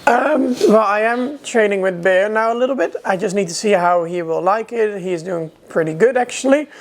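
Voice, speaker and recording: A young man whose first language is Dutch, speaking English with a light Dutch accent. He talks in a relaxed, easygoing way and pauses often with fillers. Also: high-pitched. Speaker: co-host, horse rider. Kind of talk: casual chat.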